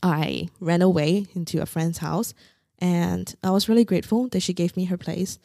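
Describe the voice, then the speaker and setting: A young woman from Singapore calmly and candidly telling a painful personal story as a podcast guest. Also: fairly low pitch, moderate pace, gravelly, dry recording, clean studio sound. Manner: candid, quietly recounting painful memories.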